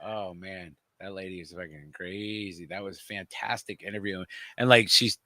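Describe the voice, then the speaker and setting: A man's voice: low voice, steady tone, normal speed, pushed and bright, no room sound. A man telling stories in casual chat, swearing freely and laughing often. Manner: laughing, profane storyteller.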